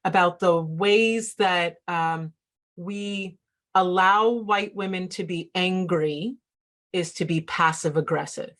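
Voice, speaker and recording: A woman's voice: fairly low pitch, slow, a bit bright. A woman hosting and moderating a panel discussion, thoughtful and searching for her words as she poses questions. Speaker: host and moderator.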